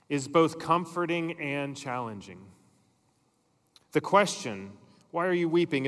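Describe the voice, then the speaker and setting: A middle-aged male pastor preaching a sermon in a church, telling stories and dropping his voice to soft, slow emphasis. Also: on the high side, long reverb tail. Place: church sanctuary.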